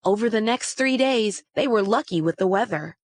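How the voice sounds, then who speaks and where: A woman reading a children's story aloud in a steady, expressive way. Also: mid-range voice, normal speed, no echo. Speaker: storybook reader.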